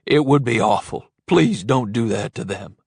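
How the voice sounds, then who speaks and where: A man putting on a kindly, frightened middle-aged trucker in an audiobook, speaking a shade lower than the narrator. The delivery is soft and pleading, set in a dry, close sound. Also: lively intonation, normal speed, creaky, husky, no echo.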